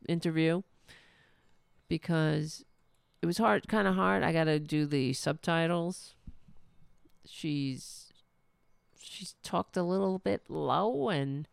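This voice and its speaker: A woman's voice: vocal fry, clear, resonant tone, no room sound, clean studio sound. A woman podcast host chatting casually and signing off her show. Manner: coaxing her cat in a soft high voice, then upbeat sign-off. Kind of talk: casual livestream sign-off.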